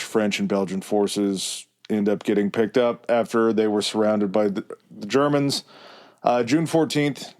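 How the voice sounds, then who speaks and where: A man's voice: on the low side, darkish tone. A man co-hosting a history podcast, reading off dates and numbers in casual chat with crude jokes and frequent laughter. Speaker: podcast co-host.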